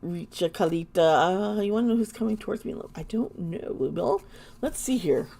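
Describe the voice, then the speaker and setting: A woman's voice: medium pitch, moderate pace, gravelly, warm tone, slight background noise. A woman giving live tarot readings to viewers, chatty and blunt, often laughing as she talks. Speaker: tarot reader.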